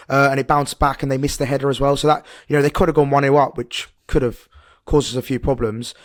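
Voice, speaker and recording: Give me a fast-talking man with a fairly high voice, chatting about football on a call. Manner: rambling, many fillers like "you know" and "like". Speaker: podcast co-host. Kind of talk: casual football chat. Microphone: video call.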